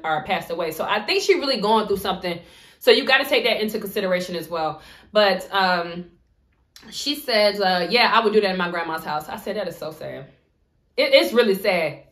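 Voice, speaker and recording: A woman telling a story in a casual vlog, acting out what people said and laughing often. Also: mid-range voice. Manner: animated storytelling, acts out quotes. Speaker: vlogger.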